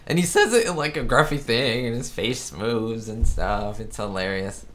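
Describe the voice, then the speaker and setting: A man's voice: mid-range voice, normal speed, fairly bright tone. A man hosting a live chat stream, talking casually in a rambling way, often stopping to correct himself. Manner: rambling, chatty, self-correcting. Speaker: host of a live chat show. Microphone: webcam setup.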